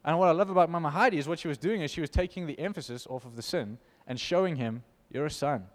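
Male preacher, emphatic and lively, slightly high pitch, recorded with long hall reverb. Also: fast. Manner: animated, emphatic, laughs between points. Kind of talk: informal sermon with scripture reading.

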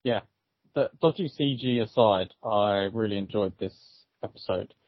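A man's voice: lowish voice, moderate pace, no echo, muffled recording. A man co-hosting a podcast, chatting casually and a bit hesitantly with frequent ums. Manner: relaxed, hesitant with many ums. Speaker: podcast co-host. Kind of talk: casual chat.

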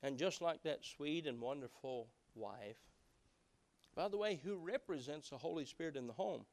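A man preaching a sermon in a folksy way, dropping to hushed voices when acting out conversations and rising to loud emphasis. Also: a little high, animated, fairly quick. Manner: swings between hushed acted-out dialogue and loud emphatic preaching; folksy, preaching with colloquial phrases. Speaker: pastor.

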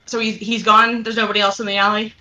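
A woman's voice: medium pitch, little pitch movement, fast, a crowd in the background. A woman playing a tabletop game, chatty and a bit unsure, swearing casually. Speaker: player.

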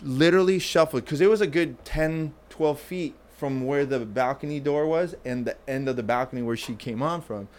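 A man's voice: medium pitch, normal speed, few pauses. Profane storytelling man, casual chat. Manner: animated, profane, acts out quotes in raised voice.

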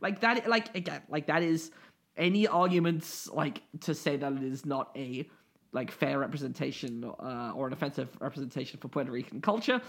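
A woman's voice: deep voice, normal speed. A woman co-hosting a podcast, talking emphatically in casual chat, laughing often and swearing. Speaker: podcast co-host.

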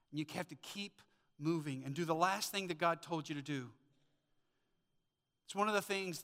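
A man's voice: a little high, fairly bright tone. A man pastor preaching a sermon in a church sanctuary, telling stories and firing off rhetorical questions with emphasis. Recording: long church hall reverb.

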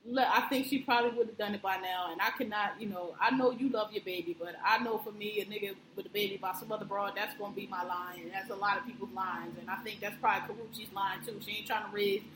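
A woman co-hosting a casual chat, blunt and animated, telling stories with acted-out quotes. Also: mid-range voice, fast talker, hardly any pauses. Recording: roomy with faint background noise.

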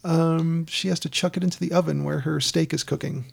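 A man in casual podcast chat, retelling a film scene by scene in a rambling, animated way with lots of fillers. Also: a little high, fairly quick, gravelly.

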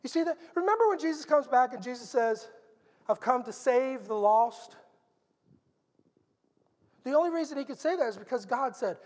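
A man's voice: very high-pitched, animated, normal speed, long pauses, a little mellow. Earnest preacher man in a reverberant hall. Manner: earnest, conversational storytelling. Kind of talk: sermon.

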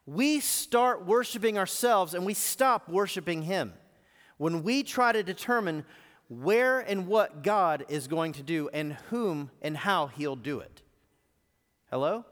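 A man's voice: high-pitched, lively intonation, slow, pauses often, fairly bright tone. Emphatic male pastor preaching live. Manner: emphatic, rhetorical questions to the congregation. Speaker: lead teaching pastor. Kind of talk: live sermon. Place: church auditorium. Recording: long reverb in a live hall.

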